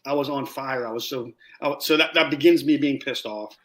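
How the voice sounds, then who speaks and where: A man telling war stories in a casual interview, animated, acting out what people said and swearing freely. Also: mid-range voice, brisk. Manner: animated storyteller, acts out quotes loudly, swears. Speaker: guest, former Marine scout sniper.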